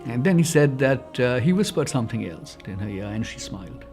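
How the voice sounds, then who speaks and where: Guy with a gravelly voice telling old religious history slow and solemn, music behind. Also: mid-range voice, sing-song. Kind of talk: documentary storytelling. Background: soft background music.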